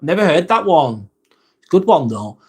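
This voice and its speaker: A man's voice: a little high, sing-song, unhurried, husky. An English man with a voice sitting a touch above the usual male range hosts a loose live chat. He reads out viewer comments and fires back bluntly, laughing easily and swearing without a second thought. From England. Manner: blunt and jokey, swears freely, chuckles often. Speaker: live stream host.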